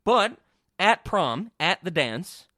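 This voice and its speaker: A man's voice: sits high, takes it slowly, no echo. A man hosting a casual podcast, telling a movie's plot and acting out the characters' lines. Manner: animated storytelling, acts out quotes. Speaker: podcast host. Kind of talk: casual chat.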